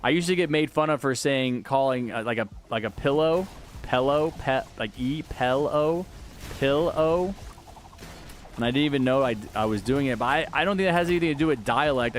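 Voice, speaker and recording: A man's voice: mid-range voice, fast talker, faint music behind. Rambling livestreamer man from Texas. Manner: rambling, answers chat questions with many fillers. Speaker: gaming livestreamer. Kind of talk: casual livestream chat while gaming.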